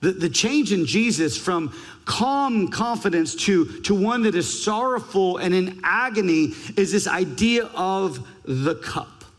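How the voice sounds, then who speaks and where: A man preaching a sermon as pastor, emphatic, ranging from raised urgency to hushed scripture reading. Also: expressive, a little slow. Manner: emphatic, varies pitch and pace widely, drops to a hush for scripture. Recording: long church hall reverb.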